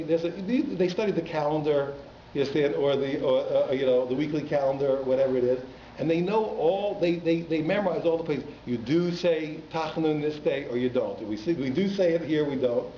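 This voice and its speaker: A man's voice: fairly high pitch, warm tone, a little hiss or hum. A man, a rabbi, giving an informal Torah class to a congregation, talking in a conversational way with teasing asides to the audience. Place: synagogue hall. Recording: echoey hall, slightly muffled.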